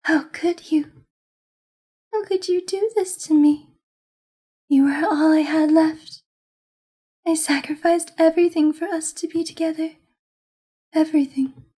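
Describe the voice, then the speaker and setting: A woman's voice: high voice, steady tone, a little slow, pauses often. A woman reading as a sweet, intense schoolgirl. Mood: desperate. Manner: soft, affectionate reading of game dialogue. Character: sweet, intense teenage girl club president. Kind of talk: reading visual novel lines aloud.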